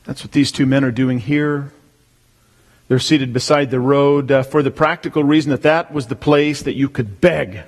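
A man preaching a sermon as pastor, emphatic, swelling to near-shouts on key words. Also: mid-range voice, steady tone, normal speed, in a large hall.

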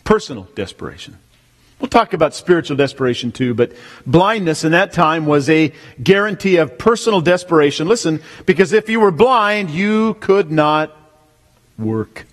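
A man delivers a sermon as pastor, his voice sitting a little high for a man. He preaches emphatically, swelling to near-shouts on key words. The sound carries a long reverb, as in a large church sanctuary. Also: expressive, moderate pace.

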